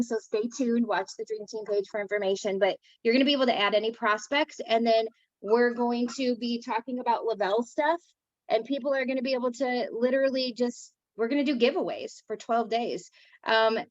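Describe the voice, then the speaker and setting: A woman's voice: fairly high pitch, no room sound, dull audio. A woman co-hosting a round-table chat over a video call, talking with enthusiasm and laughing easily. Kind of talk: casual chat.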